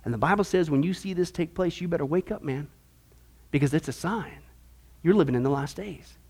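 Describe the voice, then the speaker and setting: A man's voice: a little high, fairly quick, a little mellow. A man preaching a sermon-style Bible lesson, emphatic and sarcastic, full of rhetorical questions.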